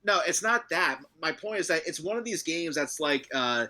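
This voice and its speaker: A male co-host with a very sharp, bright, fairly high voice, chatting casually. He cracks jokes, laughs often and trips over his words. The talk is loose and unscripted. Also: animated, normal speed. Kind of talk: casual podcast chat.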